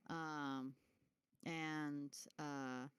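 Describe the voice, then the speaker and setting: A woman describing a scene at a tabletop role-playing game. She talks low and slowly, with a smooth voice. She stumbles over fillers and restarts and laughs easily. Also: steady tone, dry recording, studio quality. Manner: hesitant, many fillers and restarts, laughs often. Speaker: player. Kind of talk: tabletop role-play chat.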